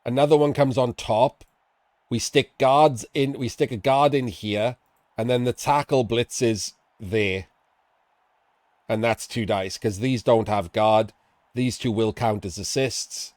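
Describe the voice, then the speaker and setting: A man casting a live tabletop-style video game match, chatty and excitable, laughing and swearing casually as he explains the plays. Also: lowish voice, takes it slowly, no room sound. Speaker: esports commentator.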